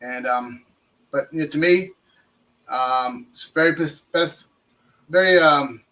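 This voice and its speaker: An older man from Maryland telling his recovery story as an interview guest, halting, with many fillers and restarts. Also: on the high side, pushed and bright, low-quality recording. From Maryland, USA.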